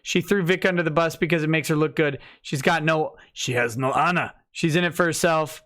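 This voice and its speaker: A man's voice: a little high, a little fast, a bit bright. A man hosting a laid-back legal livestream, speaking in a casual, conversational way. He reads filings and comments aloud and breaks in with sardonic, mocking remarks.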